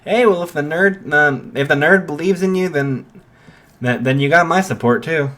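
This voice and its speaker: A man voicing a hot-headed, jealous teenage boy who grumbles gruff insults, in a casual spoken fan story. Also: on the high side, moderate pace, a bit bright, lightly acted. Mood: grumbling.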